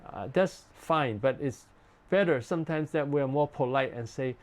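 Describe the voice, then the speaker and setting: A man, a pastor, is leading a ministry training session in an ordinary middle pitch. He speaks in simple, repeated phrases and pauses often on "uh." Now and then he acts out gentle, polite questions that one spouse might ask another. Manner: simple repetitive phrasing with frequent "uh" fillers.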